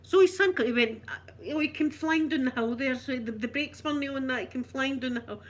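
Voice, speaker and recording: A woman's voice: high-pitched, brisk. A middle-aged Scottish woman telling a story casually, acting out the people she quotes.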